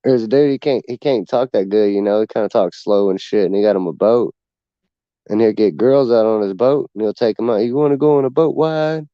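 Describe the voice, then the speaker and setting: A man's voice: on the low side, fairly quick, no room sound. Laid-back man, dull dry mic. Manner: crude, laid-back storytelling. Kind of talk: casual livestream chat.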